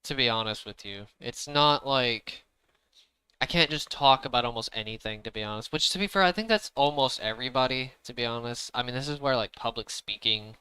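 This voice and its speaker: A young man chatting casually while playing a game, rambling and deliberately speaking up, often saying "to be honest.". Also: medium pitch, sharp tone, smooth, dry recording, poor audio. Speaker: gaming streamer. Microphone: desk microphone.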